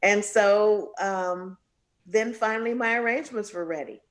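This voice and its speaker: A woman jazz singer being interviewed, telling a story with lots of voices for the people in it. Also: unhurried. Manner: animated storyteller, acts out quoted voices with big pitch jumps.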